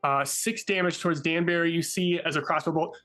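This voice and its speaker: Casual game master with soft music. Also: mid-range voice, fairly even intonation, fairly quick. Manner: casual, filler-heavy, giggly. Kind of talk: narrating a tabletop game.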